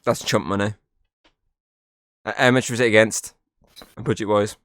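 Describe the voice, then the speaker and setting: A man's voice: fairly low pitch, fairly even intonation, measured pace, fairly bright tone, dry recording, studio quality. A man co-hosting a podcast, teasing the others with crude jokes. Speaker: podcast co-host. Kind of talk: casual banter.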